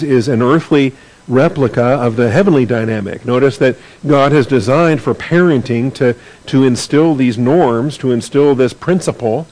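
A man's voice: medium pitch, darkish tone, poor audio. Earnest man teaching a Bible class. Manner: earnest, repeats words while searching for phrasing.

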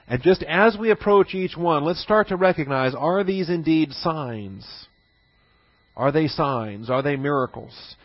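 Male Bible teacher, mid-pitched voice, deliberate and repetitive, dry close recording. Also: dry recording, highs cut off. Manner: repeats key phrases for emphasis; poses rhetorical questions.

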